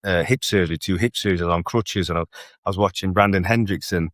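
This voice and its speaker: Lively storytelling man, deep dry voice. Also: brisk, dry recording. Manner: animated storyteller with frequent tag questions and laughter. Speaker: guest bodybuilder. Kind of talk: casual interview storytelling.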